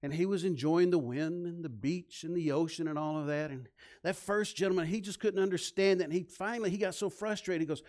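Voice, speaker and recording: A man's voice: sits high, brisk, darkish tone. A male pastor preaching a sermon, telling stories and counting off his points with emphasis.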